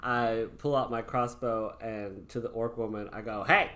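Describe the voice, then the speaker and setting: A woman's voice: very deep voice, normal speed, a little hiss or hum. A woman playing her character at a tabletop game, giggly and playful. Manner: giggly, lively delivery. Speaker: player.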